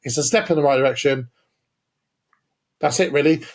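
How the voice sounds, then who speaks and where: Male podcast co-host, slightly raised pitch, opinionated and argumentative, casual chat. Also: normal speed. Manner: opinionated, sweary, lays out arguments step by step.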